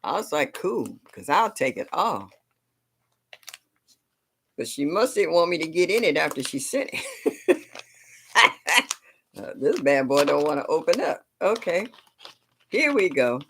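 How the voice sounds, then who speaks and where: A woman's voice: low-pitched, sing-song, measured pace, pauses often, a little hiss or hum. A woman hosting a casual gardening livestream from home, chatting expressively and reacting aloud to viewer comments. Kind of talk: casual live chat with viewers. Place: home in Ohio.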